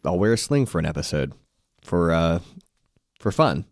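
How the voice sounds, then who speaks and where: Deep-voiced tipsy man. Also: big pitch swings, moderate pace, gravelly, no echo, clean studio sound. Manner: rambling, self-deprecating, swears freely. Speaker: podcast co-host. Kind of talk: casual chat over drinks.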